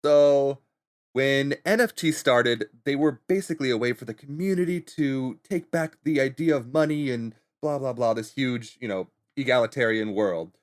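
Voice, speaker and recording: A man's voice: medium pitch, normal speed. Upbeat man explaining internet trends. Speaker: guest internet trends reporter. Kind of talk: casual chat.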